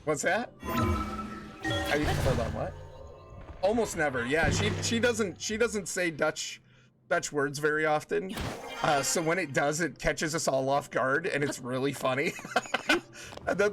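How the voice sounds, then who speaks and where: A man's voice: a little high, a little slow. A man streaming a game and chatting casually with viewers, telling rambling stories with many restarts. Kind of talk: casual live-stream chat while gaming. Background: game music.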